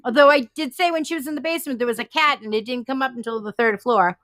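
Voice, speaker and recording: A middle-aged woman with a Boston accent, chatting casually on a live stream through a headset and telling stories full of quick wisecracks. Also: sits high, a bit bright, no room sound. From Massachusetts. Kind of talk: casual chat.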